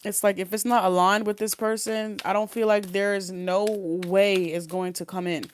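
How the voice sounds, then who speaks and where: A woman's voice: medium pitch, level tone, moderate pace, a little hiss or hum. A woman giving a casual tarot reading, rambling and giggly with many fillers and restarts, talking around a sore wisdom tooth. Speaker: tarot reader. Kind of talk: casual spiritual reading monologue.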